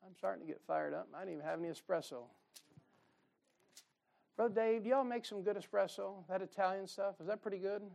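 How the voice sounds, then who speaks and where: A man preaching a sermon in a folksy, joking way, with sudden loud bursts of fire. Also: high voice, fairly quick, vocal fry, long pauses.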